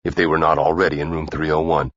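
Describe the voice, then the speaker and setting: A man narrating a thriller audiobook in a steady, even-paced reading. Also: extremely low pitch, quick pace, slightly rough, no echo. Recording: dull dry lo-fi recording.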